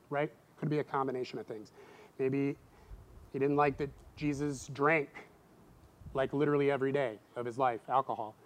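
High-voiced guy preaching a sermon, casual and animated, keeps acting out little voices. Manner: animated, acts out quoted voices with big pitch jumps. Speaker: pastor.

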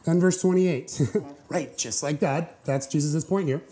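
A man's voice: a little high, measured pace, warm tone. A man preaching a sermon to a congregation, retelling a parable in a conversational, joking way. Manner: conversational, jokey, acts out quotes. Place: church before a live congregation.

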